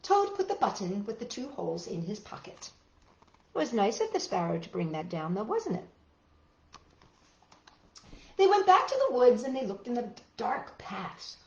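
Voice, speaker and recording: A woman reading picture books aloud for children in an animated, sing-song way, chatting to young listeners between stories. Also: on the high side, normal speed, gravelly, roomy sound, dull audio. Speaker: children's story reader.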